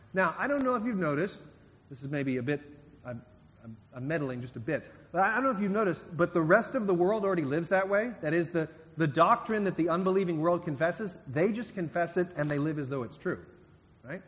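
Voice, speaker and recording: A man delivers a sermon in a relaxed, conversational way, stopping and restarting and turning to asides with the congregation. His voice sits a little high for a man. Long reverb trails after each phrase in the sanctuary. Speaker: guest preacher.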